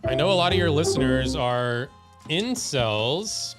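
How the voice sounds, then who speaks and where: Deadpan man in mock-serious show-and-tell. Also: fairly high pitch, a little slow, loud music behind the voice. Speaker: guest. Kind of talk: casual live-stream chat.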